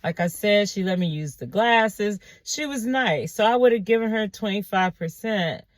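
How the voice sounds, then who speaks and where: An American woman tells a storytime straight to camera, animated and exasperated, jumping into higher voices when she quotes people. The sound is dry and close, with no room around it. Her voice sits in a middle range. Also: normal speed, dry recording. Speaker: vlogger telling a story. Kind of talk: casual storytime monologue.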